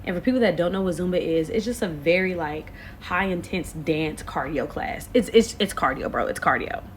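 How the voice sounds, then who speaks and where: A woman in her late twenties telling a storytime to camera, animated and expressive, full of slang. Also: on the low side, moderate pace, slight background noise. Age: late 20s. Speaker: vlogger. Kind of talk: casual storytime.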